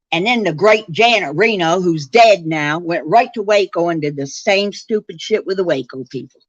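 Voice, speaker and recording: A woman's voice: fairly low pitch, no room sound, highs cut off. A woman in her seventies from upstate New York, ranting bluntly and heatedly on a livestream, with a profane, combative manner. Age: 70s. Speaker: livestream host.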